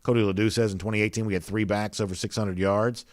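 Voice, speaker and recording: A man's voice: on the low side, fairly even intonation, fast talker, no echo, studio quality. A man hosting a casual sports talk show, chatting loosely with plenty of "you know" fillers and reading out viewer comments.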